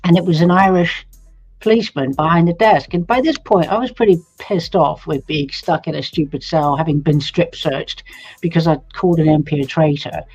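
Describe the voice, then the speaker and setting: A woman from England telling a story in a casual, animated way on a live stream, laughing at times. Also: sits low, normal speed, slightly rough, faint music behind. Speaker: co-host. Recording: dull lo-fi stream audio.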